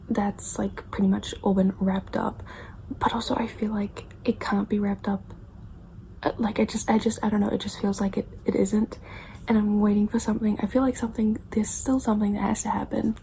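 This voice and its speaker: A young woman book vlogger talking casually and quietly, often dropping into a whisper. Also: mid-range voice, vocal fry, slight background noise, low-quality recording. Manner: soft, hushed, often whispering. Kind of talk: casual reading vlog.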